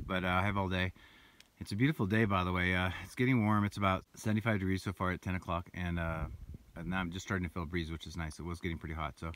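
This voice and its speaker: Low-pitched with a fairly bright tone, a man narrates his hike outdoors on a mountain trail, captured by a handheld camera as he walks amid slight background noise. He rambles casually, breathes hard on climbs, and indicates the route.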